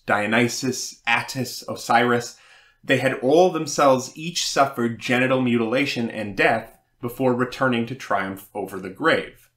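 A man hosting a scripted history lecture, reading in a measured, scholarly way with occasional fillers. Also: mid-range voice, a bit bright. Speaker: host. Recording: roomy echo.

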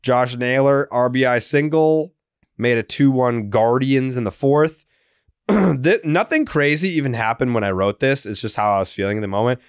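Smooth-voiced sarcastic podcast host. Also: male voice, medium pitch, moderate pace, no echo, clean studio sound. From Boston area. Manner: sarcastic, rambling, swears freely. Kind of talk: casual sports podcast chat.

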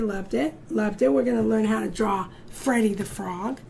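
A woman's voice: medium pitch, moderate pace, creaky, a little mellow, slightly rough. A woman teacher reading a story and leading a drawing lesson for young children, in a singsong, encouraging way. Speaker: art teacher.

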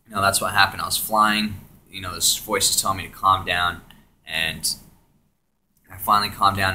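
A young man telling a story of his own experience to a camera, switching between hushed whispers and loud, swearing outbursts. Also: deep voice, slight background noise. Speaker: vlogger. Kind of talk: first-person storytelling.

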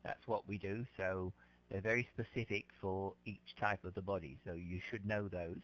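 A man teaching an English class, explaining words slowly and patiently to his students. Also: sits low, fairly even intonation. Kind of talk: classroom lecture. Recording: dull lo-fi lecture recording.

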